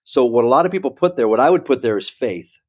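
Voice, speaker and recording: Talking fast in a medium-pitched voice, a man who is a speaker and professor animatedly tells a story in a conversational interview, repeatedly checking in with "right?" and "okay?".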